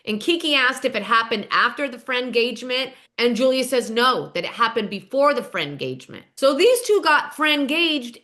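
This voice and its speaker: A woman with a crisp, bright voice sitting a touch above the usual pitch, hosting a casual recap of reality-TV drama. She tells the story in a gossipy, animated way, as if filling in a friend on the latest news. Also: moderate pace, hardly any pauses. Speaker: host.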